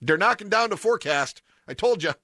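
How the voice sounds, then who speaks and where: Host doing a stubborn old folksy rural man, gruff and scoffing, pitched up and loud. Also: expressive, brisk, no echo, studio quality. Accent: put-on folksy rural drawl. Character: stubborn older man from rural Michigan, dismissive.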